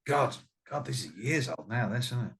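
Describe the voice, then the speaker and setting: Middle-aged man, guest musician, casual chat, animated sweary storyteller. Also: mid-range voice, normal speed.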